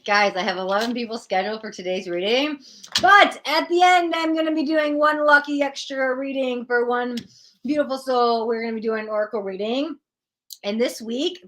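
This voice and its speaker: Brief: talkative woman tarot reader on a live stream, slightly higher voice, casual and thinking aloud. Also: brisk, a bit bright. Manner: chatty, informal, thinks aloud.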